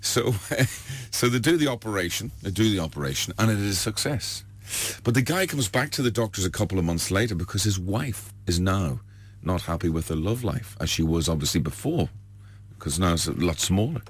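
A man spinning long, rambling jokes he claims are true, with plenty of fillers along the way. His fairly low voice swings up and down animatedly, and the sound is close and dry. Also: animated, fairly quick, breathy edge, no room sound. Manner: rambling, filler-heavy, chuckling. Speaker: joke teller. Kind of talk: telling jokes as true stories.

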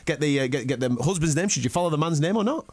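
Animated, jokey radio host. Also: male voice, fairly high pitch, rapid-fire, no room sound. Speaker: radio breakfast show host. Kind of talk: casual radio banter.

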